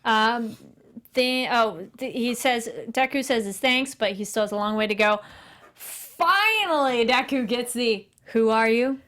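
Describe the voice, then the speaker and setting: A woman hosting a casual anime review chat, talking fast and acting out lines from the show. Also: fairly high pitch. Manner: chatty, animated, acts out quotes. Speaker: host.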